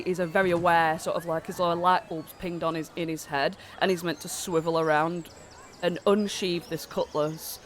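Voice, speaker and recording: A man's voice: high voice, slight background noise. A man narrating as game master of a tabletop game, rambling with lots of fillers while he has a cold.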